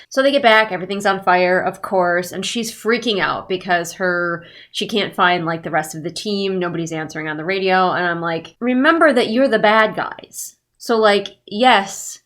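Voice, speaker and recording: A woman's voice: on the low side, moderate pace, hardly any pauses, fairly bright tone. A congested woman giving a sarcastic recap of a novel, mocking the characters in put-on voices. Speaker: book reviewer. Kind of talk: sarcastic book recap commentary.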